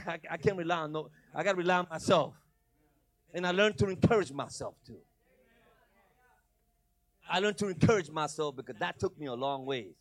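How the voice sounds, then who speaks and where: High-voiced preacher shouting with laughter. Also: male voice. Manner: animated, shouting bursts, acts out voices, laughs often. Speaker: pastor. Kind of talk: sermon.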